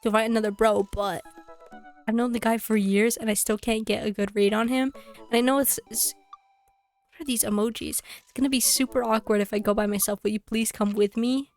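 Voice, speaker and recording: A woman's voice: on the high side, fairly even intonation, a little fast, soft background music, close to an everyday voice. A woman reading a nervous awkward dad.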